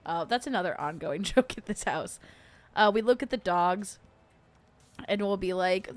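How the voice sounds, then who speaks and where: A woman's voice: medium pitch, normal speed. A young adult woman hosting a casual livestream, rambling with lots of fillers and frequent giggles. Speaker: host.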